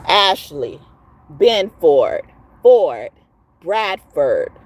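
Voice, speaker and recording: A woman's voice: lowish voice, big pitch swings, extremely slow, a little hiss or hum. A woman tarot reader ranting to her viewers in a heated, profane, emphatic way. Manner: profane, emphatic, rising to shouts. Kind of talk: heated casual rant to viewers.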